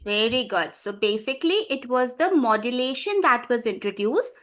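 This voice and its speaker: A woman leading a training session for teachers. She quizzes participants by name and gives clear directions. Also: on the high side, lively intonation, normal speed.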